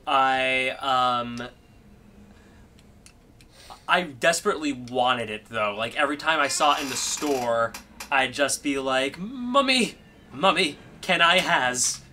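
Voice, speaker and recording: A young man hosts a casual game stream, rambling through stories as he plays. He talks slowly, with a bright, forward tone, and laughs easily. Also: mid-range voice, a little hiss or hum.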